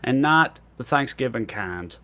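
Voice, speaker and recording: A man's voice: mid-range voice, expressive, a little slow, pushed and bright. A man hosting a casual political comedy chat, joking sarcastically. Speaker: host.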